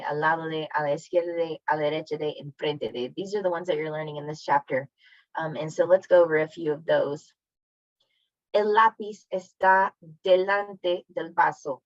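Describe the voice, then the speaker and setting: Woman teaching spanish on a video call, kinda low voice, dull dry lo-fi sound, chatty and friendly. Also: no echo. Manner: friendly, apologetic, chatty explaining. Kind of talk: online class lesson.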